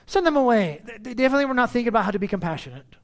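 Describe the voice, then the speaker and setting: A man's voice: very high-pitched, big pitch swings, rapid-fire. A man preaching a sermon as pastor, reading scripture verses and explaining them with emphatic, repeated phrases.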